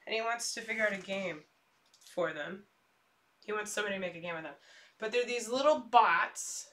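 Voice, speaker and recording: A young woman streaming herself unpacking board games in casual chat, excitable and prone to trailing off mid-sentence. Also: medium pitch, brisk, distant mic.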